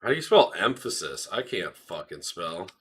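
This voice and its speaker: A woman's voice: very deep voice, very animated, moderate pace, fairly bright tone, slightly rough. A woman livestreaming about markets in casual chat, blunt and profane, laughing often. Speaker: finance livestreamer.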